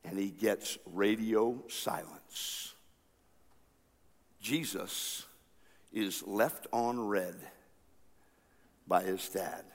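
A male pastor preaching a sermon, swinging between loud passionate cries and quiet, slow asides. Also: lowish voice. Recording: long reverb of a large hall.

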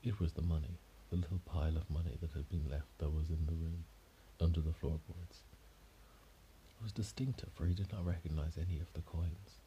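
A man spins an improvised detective tale in a very low, dark voice. He rambles, stops and restarts mid-sentence as he goes. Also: steady tone, a little fast, a little hiss or hum. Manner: rambling, with frequent restarts and self-corrections. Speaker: storyteller. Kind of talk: improvised story narration.

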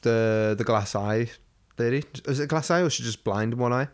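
A man chatting on a podcast, wandering through a long story with plenty of swearing. His voice sits at a middling pitch for a man. He talks loosely, with restarts and fillers. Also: a little fast. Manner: rambling storyteller, swears freely. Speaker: podcast co-host. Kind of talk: casual chat.

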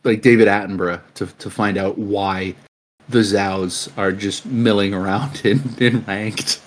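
A man co-hosting a casual gaming podcast, talking in halting bursts with restarts. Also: on the low side, fairly even intonation, slight background noise. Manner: halting, many restarts and fillers. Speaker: podcast co-host.

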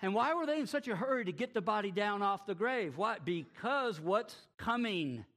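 A man preaching a sermon, asking rhetorical questions and swinging between loud emphasis and quiet, drawn-out lines. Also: high-pitched, expressive.

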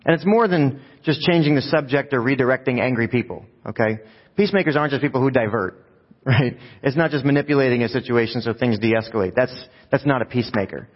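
In a church sanctuary, a pastor preaches at a quick pace with a medium-pitched voice, treating the sermon like a conversation with the congregation and tossing out rhetorical questions. His voice echoes with long hall reverb, and the audio comes across muffled and dull.

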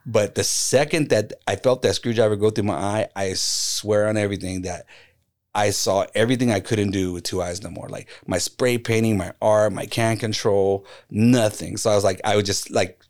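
Speaking at a moderate pace in a voice on the low side, a middle-aged man shares a personal anecdote as a podcast guest. He's a graffiti artist and an animated storyteller, mimicking the people he quotes throughout the casual conversation.

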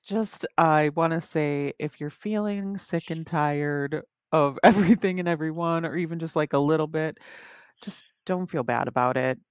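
A woman's voice: sits low, normal speed, no room sound. A woman hosting a podcast in casual chat, speaking hesitantly and searching for her words. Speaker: podcast host.

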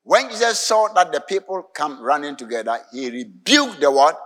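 A male pastor with a Ghanaian English accent delivers a sermon in a high, bright voice that leaps up and down in pitch. He speaks slowly and emphatically, often pausing to prompt the congregation to call back the missing word. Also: very animated. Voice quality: emphatic, asks the congregation to fill in words.

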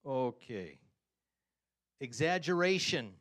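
Slow-paced and jokey, a man gives an informal sermon with plenty of animation and chuckling. Quoted lines get acted out with his pitch suddenly jumping high.

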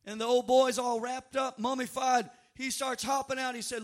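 Man preaching, very high voice, shouts and sung stretches, sermon to a congregation. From North Louisiana. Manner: dynamic preaching, bursts of shouting and drawn-out sung phrases. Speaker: pastor. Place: church sanctuary before a congregation.

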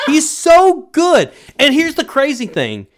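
Animated man co-hosting a film podcast. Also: very high voice, slow. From United States. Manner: animated, emphatic, opinionated. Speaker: podcast co-host. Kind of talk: casual movie review chat.

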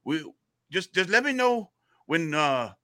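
A man putting on the voice of an excited, panicky man on horseback, with a high, yelping tone. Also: unhurried, no room sound, clean studio sound, heavily acted.

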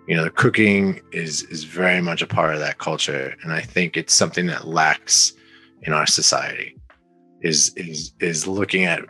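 A young man talking as a podcast guest, rambling through a story with many fillers and restarts and getting animated when he quotes people. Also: sits low, no room sound. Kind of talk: casual conversational storytelling.

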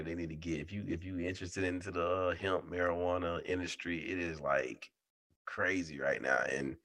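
A man's voice: low-pitched, a bit bright. A man, co-hosting a casual podcast and rambling with many fillers. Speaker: podcast co-host. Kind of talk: casual chat.

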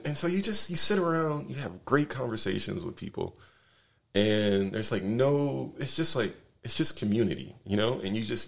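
A man's voice: lowish voice, gravelly. A man casually telling a rambling travel story, full of fillers, restarts and tag questions.

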